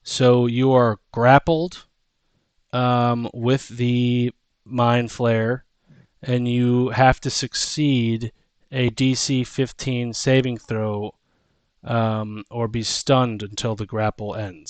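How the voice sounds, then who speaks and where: A man's voice: mid-range voice, flat delivery, slow, no echo. A man running a tabletop game as dungeon master, hesitant with lots of ums.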